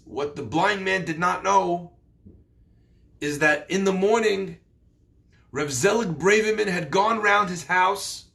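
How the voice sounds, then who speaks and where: A man with a high, bright voice tells a story as part of a sermon. He talks with animated energy and acts out the voices of the people in the story.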